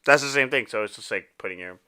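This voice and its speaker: A man's voice: fairly low pitch, fast talker, sharp tone, clear, resonant tone. A man co-hosting a casual podcast who rambles through his explanations with many fillers. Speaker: podcast co-host. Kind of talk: casual chat.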